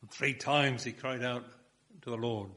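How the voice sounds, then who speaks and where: A man's voice: medium pitch, fairly even intonation, a little slow, a bit bright. A man preaching a sermon, building his points with rhetorical questions and emphatic repetition.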